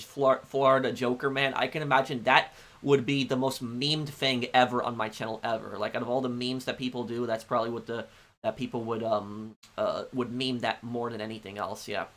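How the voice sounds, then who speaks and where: A man live-streaming a game, chatting casually with viewers in a rambling, halting way full of ums and restarts. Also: medium pitch, bright, forceful tone. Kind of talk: casual chat answering viewers.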